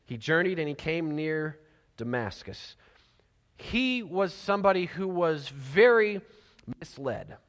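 A man preaching a sermon with a high voice, moving between lively storytelling and hushed, near-whispered lines. Long hall reverb trails each phrase. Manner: animated storytelling, dropping to soft near-whispers for emphasis. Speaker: pastor.

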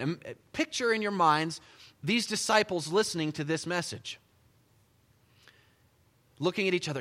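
A pastor delivers a conversational, animated sermon, storytelling as he goes. His voice is higher than most men's and bright, with a forceful edge. A long reverb from the sanctuary trails behind him. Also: a little slow, pauses often. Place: church sanctuary.

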